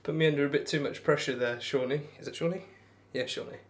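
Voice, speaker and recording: A man's voice: a little high, fairly even intonation, fast, gravelly, very noisy. Chatty young man streaming darts. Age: young adult. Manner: rambling, self-deprecating, reads out and answers chat. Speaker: darts livestreamer. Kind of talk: casual live-stream chat while throwing darts.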